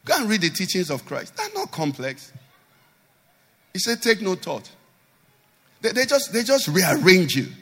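A man's voice: sits high, wildly swooping pitch, unhurried, pauses often, a bit bright, breathy edge, in a large hall. A man pastor, preaching a sermon animatedly and asking the congregation rhetorical questions.

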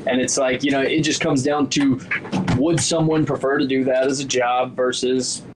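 Guy on a podcast calmly explaining his take, soft hum in the background. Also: medium pitch, moderate pace. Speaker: podcast co-host. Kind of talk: casual political chat.

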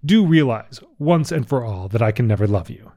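A man's voice: medium pitch, animated, a little fast, warm tone. A man reading the lines of a young archduchess who firmly turns down a suitor, in his own plain voice. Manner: dry, firm. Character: cool, firm young female archduchess refusing a suitor.

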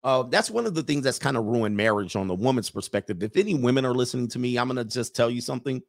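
A man's voice: mid-range voice, lively intonation, fast, vocal fry. A man hosting a casual commentary show, talking bluntly with profanity and mocking jokes, laughing at his own remarks. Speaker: host.

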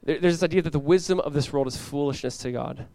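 A man's voice: fairly high pitch, no echo. A man preaching an expository sermon as pastor, acting out the characters he talks about. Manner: animated, acts out biblical characters in quick voices.

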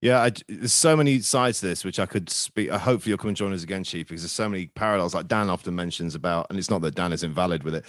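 Fast-talking, jokey podcast host. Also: male voice, low-pitched, no room sound, clean studio sound. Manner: jokey, swears, quick banter. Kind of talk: casual fan podcast chat.

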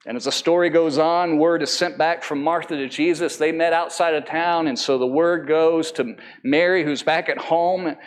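During a church service, a pastor delivers his Sunday sermon to the congregation with earnest conviction and a steady tone. He drags out key phrases slowly and his voice rises as he drives a point home.

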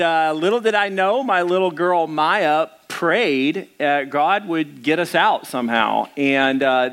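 A man's voice: fairly high pitch, a bit bright, clean tone. A man who is a pastor, telling stories in a casual, rambling sermon with many fillers. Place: church.

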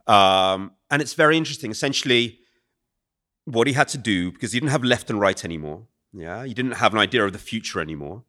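A British man talking quickly and animatedly as an author being interviewed before a live audience. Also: fairly low pitch. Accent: British English. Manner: fast, animated explaining. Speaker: author and guest. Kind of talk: conversational podcast interview.

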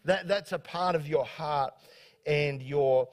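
Pastor, man, middle-aged, high voice, halting, repeats words, preaching a sermon in church. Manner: halting, repeats words often, calls for amens. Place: church sanctuary.

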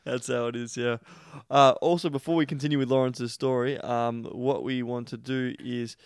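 A man's voice: mid-range voice, fairly even intonation, moderate pace, clean tone, no room sound. Man, Australian accent, podcast host, blunt and brash, casual swearing chat, dead dry sound.

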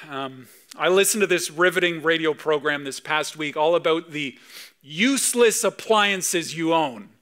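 A man in his thirties, a pastor from Canada, preaching a conversational sermon full of personal stories. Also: high voice. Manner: storytelling, animated, conversational, sometimes emotional.

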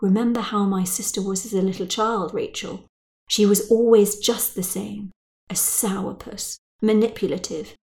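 A woman's voice: mid-range voice, fairly even intonation, moderate pace, creaky, a little mellow, lightly acted. A woman voicing a self-pitying, snobbish middle-aged mother who grumbles in a plaintive voice. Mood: complaining.

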